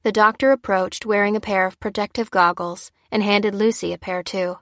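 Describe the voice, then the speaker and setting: A woman narrating an audiobook in a steady, even storytelling manner. Her voice sits at a middle pitch, and the recording is dry and close with no room sound. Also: moderate pace, few pauses, no room sound. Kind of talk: scripted narration.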